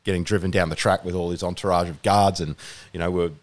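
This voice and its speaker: A young Australian man, appearing as a podcast guest, chats casually in a low voice with fairly even intonation, talking fast. He rambles, using lots of fillers and restarting sentences.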